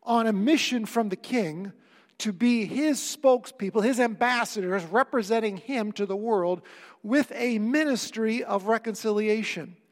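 A male pastor whose voice sits high preaches a little slowly, earnest and emphatic, pausing for wry asides to the congregation. His words carry the long reverb of a church hall.

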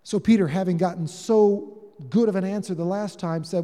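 High-ish voiced pastor guy preaching, acts out the dialogue, goes loud then soft, big echoey hall. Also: normal speed. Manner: animated storytelling, acting out dialogue with shifting loudness. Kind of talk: sermon.

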